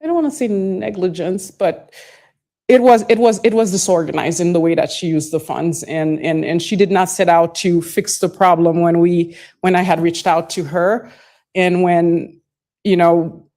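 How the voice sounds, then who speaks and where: A woman's voice: fairly low pitch, fairly even intonation, moderate pace, mellow. Hesitant woman testifying at a hearing. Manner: hesitant, searching for words, restarts phrases. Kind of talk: formal testimony.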